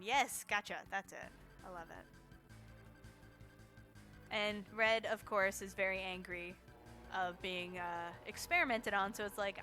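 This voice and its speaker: A woman's voice: medium pitch, normal speed, pushed and bright, soft background music. A woman streamer giving chatty, casual commentary as she plays a game for a charity marathon, reacting to chat and laughing often.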